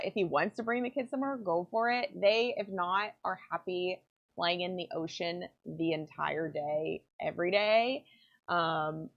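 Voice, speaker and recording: A woman rambling casually with plenty of fillers while she works in her pen workshop. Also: on the low side. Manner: rambling, chatty, many fillers. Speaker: pen maker and channel host. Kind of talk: casual chat while working. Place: home workshop. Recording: dull lo-fi sound.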